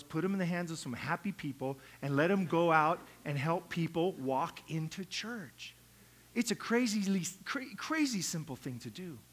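A man's voice: a little high, a bit bright, slightly rough. A middle-aged male pastor preaching a sermon in a conversational, humorous way, acting out little quotes.

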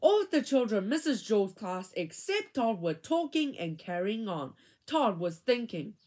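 A woman reading a children's chapter book aloud, with an expressive, animated delivery. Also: mid-range voice, moderate pace. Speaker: reader.

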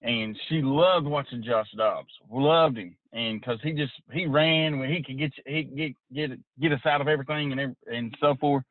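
A man hosting a podcast, telling stories in a casual, animated way. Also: mid-range voice, normal speed, hardly any pauses, no echo. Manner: animated storyteller. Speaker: podcast host. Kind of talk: casual chat. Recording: dry tinny phone-like line.

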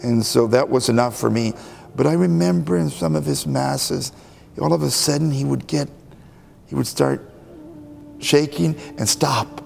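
A man's voice: medium pitch, unhurried, creaky, a little mellow, soft background music. A man in a documentary interview, telling candid, self-mocking stories about the priest who heard his confessions. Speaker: parishioner recalling a priest.

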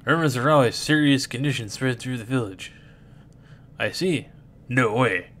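Man, comic reading, bright voice, animated character voices. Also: mid-range voice, normal speed, a little hiss or hum. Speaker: comic reader. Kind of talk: reading a manga aloud, doing all the voices.

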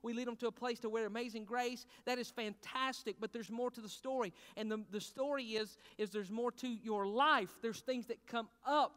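A man preaching a sermon in a church, his voice high and bright, with a smooth, resonant tone. He swings between hushed, intimate talk and loud, fervent preaching, and keeps calling out questions to the congregation. A long reverb from the big hall trails after every phrase. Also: steady tone, moderate pace, few pauses. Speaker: pastor. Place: church sanctuary.

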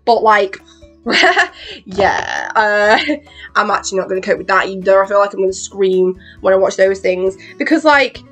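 A woman chatting excitedly in a rambling makeup vlog, swearing freely and acting out her own reactions. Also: medium pitch. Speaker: beauty vlogger. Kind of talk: rambling get-ready-with-me chat.

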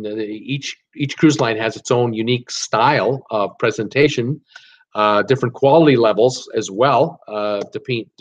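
A middle-aged man talks in a loose, rambling way, full of fillers and restarts, and drops wry, opinionated asides. His voice sits at a middling pitch. The recording sounds a little dull and lo-fi. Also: a bit bright. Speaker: travel vlogger. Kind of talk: casual chat.

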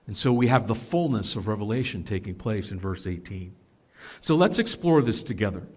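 A man's voice: fairly low pitch, expressive, brisk, a little mellow. A man preaching to his congregation, teaching earnestly and with emphasis, with self-corrections and casual asides. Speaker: pastor. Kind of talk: sermon.

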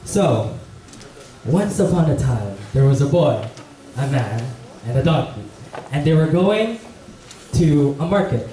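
A young man giving a casual church message, telling a story in a relaxed, chatty way full of fillers. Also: fairly high pitch, unhurried, long pauses, far from the mic. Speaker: preacher. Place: church hall. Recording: echoey church hall, faint room noise.

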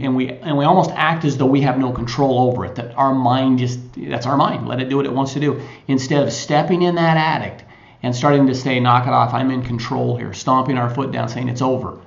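A man hosting a motivational podcast, retelling a story in a conversational way with frequent pauses. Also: medium pitch, darkish tone. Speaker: podcast host. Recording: echoey lo-fi recording.

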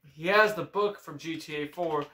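Eager young guy, slightly high voice. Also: moderate pace, noisy background. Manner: eager, hesitant, full of fillers. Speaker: video co-host. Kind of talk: casual gaming chat. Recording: echoey room.

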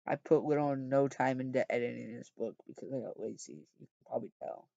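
A man's voice: mid-range voice, steady tone, fast talker, vocal fry, dark tone, no room sound. A man reading his old book aloud, casual and self-mocking, with sarcastic asides about typos, on a dry, slightly dull recording.

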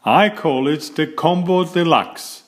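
A man voicing a calm, self-assured schoolgirl in a slow storybook reading. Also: on the high side, voice pushed up. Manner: matter-of-fact, proud.

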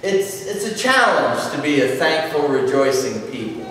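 A man preaching a sermon as pastor, telling stories and jokes with slow emphasis, recorded in a church sanctuary from a distant room mic. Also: on the high side, very animated, a bit bright, a little hiss or hum. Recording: echoey church hall from far off.

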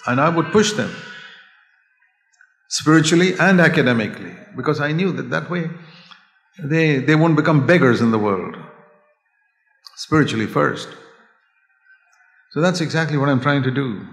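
An older man preaching a sermon, earnest and pleading, dropping to a hush and then rising to a raised voice. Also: fairly high pitch, lively intonation, moderate pace, creaky, long pauses. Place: church hall. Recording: echoey hall.

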